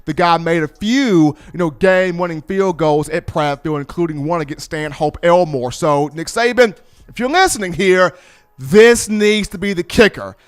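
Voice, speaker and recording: Animated man on college football. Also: a little high, normal speed, clear, resonant tone. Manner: animated storyteller, colloquial. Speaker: sports commentator. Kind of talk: casual sports commentary.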